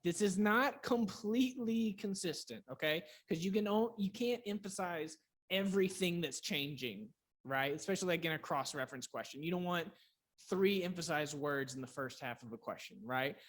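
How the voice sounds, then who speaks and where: A man coaching quiz teams in a workshop, energetic and quick to restart sentences while firing example questions. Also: high voice. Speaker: quiz coach leading a clinic.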